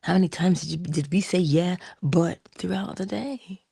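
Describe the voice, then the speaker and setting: A middle-aged woman hosting a casual motivational talk, telling personal stories with laughter and hushed asides. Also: fairly low pitch, normal speed, creaky, slightly rough, dry recording, clean studio sound. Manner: animated storytelling, laughs often, drops into hushed asides. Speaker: channel host.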